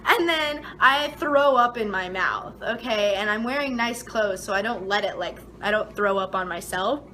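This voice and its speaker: On a rough recording with a little hiss or hum, a young woman vlogger tells a story at a moderate pace. Her retelling is casual, animated and dramatic, full of "like," and her voice jumps high and loud whenever she quotes herself.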